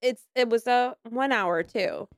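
A woman guesting on a podcast in casual chat, chatty and often pausing on fillers. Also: on the high side, no echo, clean studio sound.

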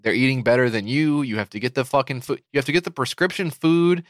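A man in casual comedic podcast chat, cursing and riffing with sarcastic asides. His voice sits mid-pitch but leaps around expressively. The sound is close and dry. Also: expressive, quick pace, no room sound. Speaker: podcast co-host.

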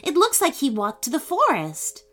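A woman voicing a brave, quick-thinking young girl in a children's storybook, sounding eager and excited. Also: high voice, faint music behind, pitched above the performer's own voice, heavily acted.

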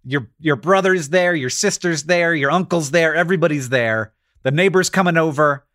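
A man's voice: fairly high pitch, moderate pace, a bit bright, no room sound, clean studio sound. A middle-aged man co-hosting a podcast, rambling playfully and laughing often in casual chat. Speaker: podcast co-host.

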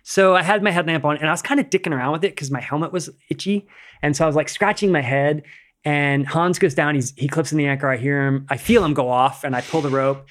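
A man's voice: on the high side, quick pace, fairly bright tone. A man who is a rock climber and podcast guest, telling stories in loose casual chat, swearing freely, laughing as he goes, and stringing phrases together with "like.". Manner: loose, rambling phrasing full of "like".

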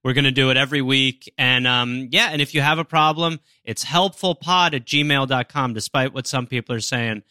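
Bright-voiced man making deadpan quips. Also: medium pitch, normal speed, hardly any pauses, clean tone, dry recording, studio quality. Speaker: podcast co-host. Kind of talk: casual comedic chat.

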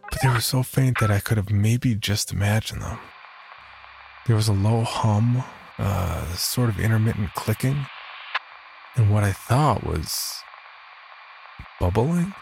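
A man reading a first-person horror story in a measured, low-key scripted narration. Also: vocal fry.

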